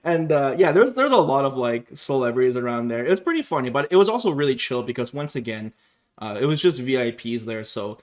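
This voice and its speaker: A young man tells a gaming story in a loose, chatty way, his pitch leaping up high whenever he mimics someone else. He laughs often as he talks. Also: brisk. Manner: animated, laughs often, acts out others' lines in high voices. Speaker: gaming video host. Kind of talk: casual storytelling to camera.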